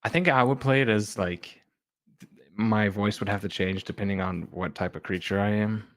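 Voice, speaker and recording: A man's voice: fairly low pitch, fairly even intonation, normal speed, dry recording. A man co-hosting a podcast, chatting easily and reading game rules aloud. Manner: easygoing, reads rules aloud plainly. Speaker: podcast co-host. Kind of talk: casual chat about tabletop game rules.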